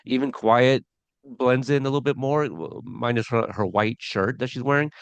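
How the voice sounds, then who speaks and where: A man's voice: medium pitch, moderate pace, gravelly, clean tone, dry recording. A man co-hosting a podcast review of a TV episode, talking casually with lots of fillers and restarts. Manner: chatty, many fillers and restarts.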